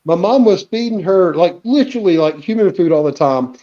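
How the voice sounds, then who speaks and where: A man's voice: high voice, expressive, brisk, muffled recording, a crowd in the background. A man hosting a casual livestream, telling rambling family anecdotes and quoting people in his own voice. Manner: rambling anecdotes with acted quotes. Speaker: livestream host. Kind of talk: casual storytelling chat. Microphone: livestream call.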